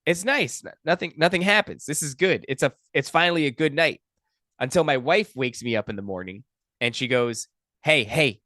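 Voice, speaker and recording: A young adult man, a podcast guest, telling a personal story in a profane, animated, casual way. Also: on the high side, brisk, no room sound, studio quality.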